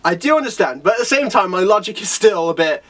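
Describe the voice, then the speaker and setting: A man chatting excitedly about a comic chapter, laughing often and briefly acting out the characters' lines. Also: high-pitched, quick pace, distant mic. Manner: animated, laughs often, quotes characters in little voices. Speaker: anime reviewer. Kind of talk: excited casual chat.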